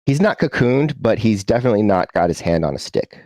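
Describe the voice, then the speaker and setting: A man narrates a tabletop game as game master, casual and rambling with plenty of fillers. His voice sits fairly low but swings widely, recorded close and dry. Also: sing-song, fast talker, darkish tone, no echo. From United States.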